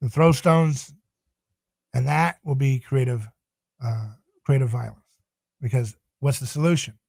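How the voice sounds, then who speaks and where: A man's voice: mid-range voice, steady tone, unhurried, creaky, a little mellow, dry recording. A man speaking as a podcast guest in a passionate, emphatic, preaching tone. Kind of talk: podcast interview.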